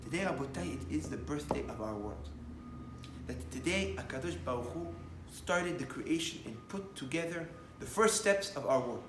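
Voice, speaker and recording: Animated preaching man in an echoey room. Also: a little high, moderate pace, background noise. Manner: animated, rising to loud emphatic bursts, many restarts. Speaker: rabbi. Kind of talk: sermon with storytelling.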